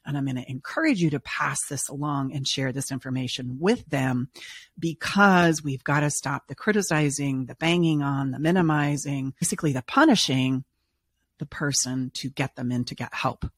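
Husky, earnest woman coach. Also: extremely low pitch, normal speed, dry recording, studio quality. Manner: earnest, emphatic, acts out clients' voices. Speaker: relationship coach and show host. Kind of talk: podcast conversation.

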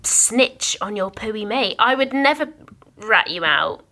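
Playful, lively woman podcast host. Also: mid-range voice, slow pace. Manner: playful, teasing, swears freely. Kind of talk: casual chat.

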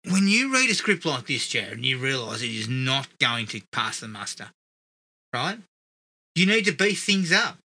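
A man's voice: medium pitch, very animated, normal speed, bright, forceful tone. A man co-hosting a casual film review podcast, swearing and laughing often.

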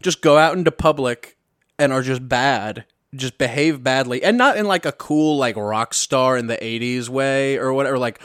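A young man from Missouri hosts a podcast in a loose, jokey, foul-mouthed rant that keeps stopping and restarting. His voice sits at a middling pitch. It is recorded close and dry, with no room sound. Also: normal speed, a bit bright, no echo. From Missouri, USA. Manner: profane, rambling, self-interrupting, jokey. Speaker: podcast host. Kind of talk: casual comedic rant. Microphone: podcast mic.

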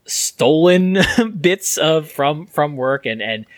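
A man's voice: fairly high pitch, expressive, slow, no room sound, studio quality. A man on a podcast talking enthusiastically about a film's acting, rambling with restarts in casual chat. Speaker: podcast co-host. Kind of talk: casual film podcast discussion.

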